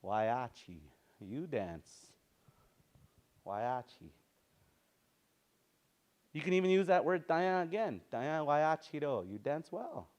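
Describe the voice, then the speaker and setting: A man's voice: a little high, very animated, takes it slowly, pauses often, darkish tone. A man teaching a language class, patiently repeating words for his students.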